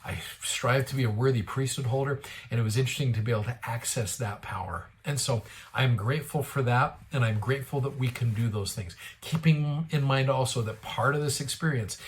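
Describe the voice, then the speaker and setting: A man's voice: mid-range voice, brisk. A man hosting a daily scripture show, telling a personal faith story earnestly and lifting his voice when he quotes people. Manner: earnest, retells dialogue with a lifted voice. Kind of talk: devotional storytelling.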